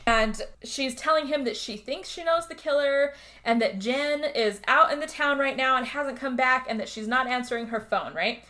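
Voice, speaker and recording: A woman co-hosting a podcast, recapping a movie in casual chat as an animated storyteller who swears freely. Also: high-pitched, normal speed. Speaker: podcast co-host.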